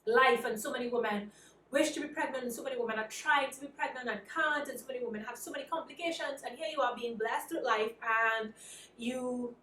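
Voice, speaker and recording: A young woman with a Trinidadian accent tells a personal story in a lively, animated way, acting out both sides of the conversation. Her voice sits a little high. She is recorded a bit away from the mic in an echoey room. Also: a little fast, far from the mic, a little hiss or hum. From Trinidad and Tobago. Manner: animated, self-described anxious, acts out quoted dialogue. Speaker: vlogger. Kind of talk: casual storytelling.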